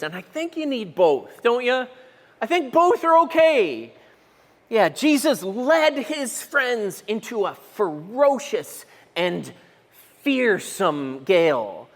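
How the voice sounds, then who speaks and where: A middle-aged man preaching a sermon as pastor, animated storytelling, acting out quotes and asking the room questions. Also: high voice. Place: church auditorium. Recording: long reverb of a church hall.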